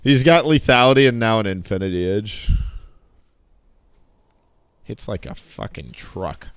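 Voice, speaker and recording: A man's voice: on the low side, lively intonation, a little slow, a bit bright, a little hiss or hum. A young American man from Tennessee, joking and chatting with his viewers as he comments on his gameplay. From Tennessee, southeastern United States. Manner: joking, chatty, talking to chat. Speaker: streamer playing a game.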